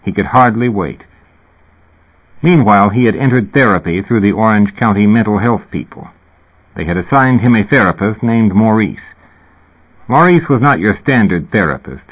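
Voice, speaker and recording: A man reading a novel aloud in measured, dry scripted narration. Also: on the low side, lively intonation, husky. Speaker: audiobook narrator. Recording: tinny phone-like recording.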